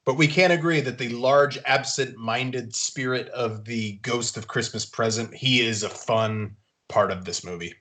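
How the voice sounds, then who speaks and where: A man who is a father, co-hosting a podcast in relaxed, easygoing casual chat. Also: mid-range voice, unhurried, hardly any pauses. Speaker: podcast co-host. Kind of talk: casual chat about films.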